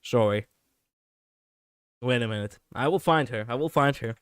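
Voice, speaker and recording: Smooth-voiced rambling male streamer. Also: medium pitch, normal speed, no room sound, studio quality. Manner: rambling, chatty, laughs often, self-correcting. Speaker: VTuber streamer. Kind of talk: casual livestream chat reading viewers.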